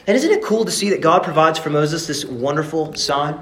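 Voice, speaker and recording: A man from East Texas preaching a sermon in a casual, animated, joking way. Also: on the high side, moderate pace, few pauses, reverberant. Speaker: pastor.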